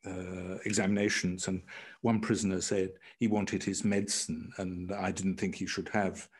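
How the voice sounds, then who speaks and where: A man who worked as a prison doctor, telling stories in an interview in a halting way, with many restarts and chuckles at his own anecdotes. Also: low-pitched, little pitch movement. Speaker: former prison doctor and writer.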